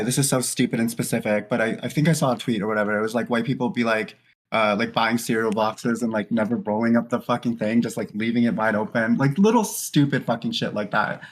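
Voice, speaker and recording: Male panelist, mid-pitched, loose and profane. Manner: casual, swears, hedges a lot. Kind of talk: casual panel chat.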